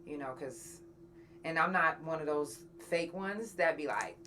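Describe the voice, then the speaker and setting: Bright-voiced candid woman chatting live. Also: low-pitched, unhurried, a little hiss or hum. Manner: candid and chatty, swears freely, talks straight to her audience. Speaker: podcast host and singer. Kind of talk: casual live chat with viewers.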